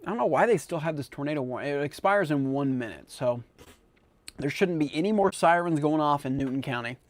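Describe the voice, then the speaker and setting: Fairly quick and lively in intonation, a man's slightly high voice comes through with no room sound. He's on the radio hosting live severe weather coverage from the studio, chatting loosely as he follows the storms and talks through mouthfuls of food.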